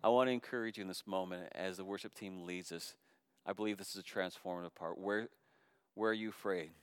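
A man, a middle-aged pastor, preaching a sermon that moves between loud impassioned calls and soft, hushed appeals. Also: deep voice, fairly even intonation, a little fast, clear, resonant tone, no room sound.

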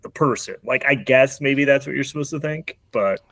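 A man's voice: medium pitch, moderate pace, fairly bright tone. A man hosting a podcast, casually recapping a movie plot with lots of fillers and restarts. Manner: rambling, many fillers and restarts. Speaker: podcast host.

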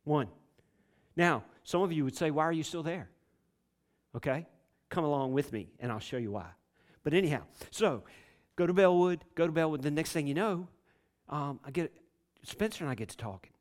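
A man's voice: a little high, expressive, normal speed, pauses often. A man, a pastor telling a story in a sermon, rambling and repeating himself with many restarts.

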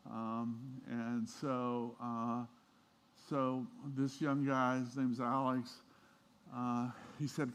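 A male pastor delivers a sermon in a mid-pitched voice. He tells personal stories with real feeling, dropping low and quiet and then rising with emphasis. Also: little pitch movement, drawn-out words, clear, resonant tone. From Southern United States. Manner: heartfelt storytelling, swinging from hushed to emphatic.

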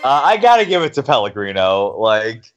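A man co-hosting a casual podcast, relaxed and easygoing. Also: mid-range voice, normal speed, over loud music. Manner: relaxed, says like and dude a lot. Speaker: podcast co-host. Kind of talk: casual chat.

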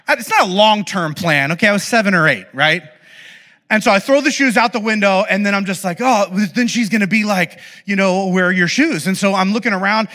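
A man giving a humorous storytelling sermon, animated and self-deprecating, with quick asides to the congregation, on a stage mic in a church hall. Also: high-pitched. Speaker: pastor. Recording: live sermon in a reverberant hall.

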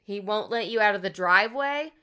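An unhurried male emergency dispatcher who never quite listens, asking each question in a flat, plodding way, mimicked by a woman. Her bright, clear voice makes the bored tone stand out. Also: medium pitch, close to an everyday voice. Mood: dismissive. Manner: plodding, dismissive.

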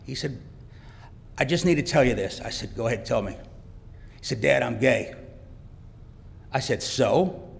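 A man's voice: mid-range voice, lively intonation, measured pace, gravelly, pauses often. A middle-aged man giving a heartfelt, emotional personal testimony in a church. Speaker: church guest speaker, father. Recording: long church reverb.

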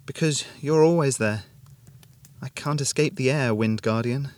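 A man's voice: mid-range voice, unhurried, no room sound, voice pushed up, close to an everyday voice. A man voicing a frail, dying young woman who speaks in a strained, wheezing, pleading way. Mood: wistful.

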